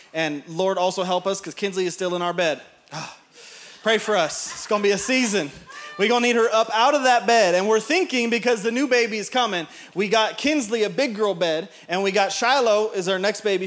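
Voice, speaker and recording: A man with a high-pitched voice preaches a lively sermon. He tells a playful family story and laughs at it. Then he climbs into loud, shouted calls to his listeners. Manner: storytelling, rising to shouted emphasis; laughs through his own anecdotes.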